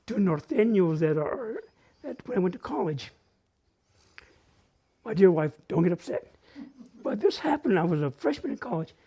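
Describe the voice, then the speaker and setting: A man from northern New Mexico with a local accent, telling family stories at a live community open mic, animated and acting out relatives' voices with Spanish phrases mixed in. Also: high-pitched, vocal fry, husky. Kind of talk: live personal storytelling. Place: library event space, live.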